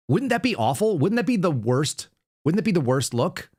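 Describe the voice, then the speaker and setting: A man in his thirties hosting a political commentary show, sarcastic and animated as he tells stories and reacts to news clips. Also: a little high, moderate pace, slightly rough. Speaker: podcast host.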